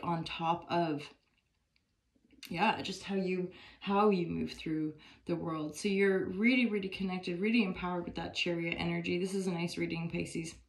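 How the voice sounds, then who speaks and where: A woman talking casually to camera into her phone as she gives a tarot reading, chatty and upbeat, with many fillers. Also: lowish voice. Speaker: tarot reader.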